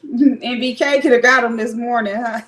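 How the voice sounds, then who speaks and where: Heard over a noisy crowd in a low-quality recording, a woman with a fairly high, steady voice talks at normal speed. She's livestreaming from home in Cleveland using a home streaming setup, chatting openly with viewers while rambling and sometimes cursing.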